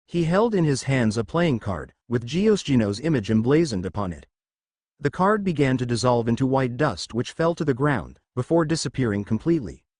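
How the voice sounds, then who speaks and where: A man narrating a fan fiction story in a steady storytelling voice. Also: medium pitch, moderate pace, no room sound, clean studio sound.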